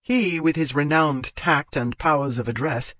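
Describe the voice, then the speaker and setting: A man narrating a historical romance audiobook in a steady, measured reading. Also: a little high.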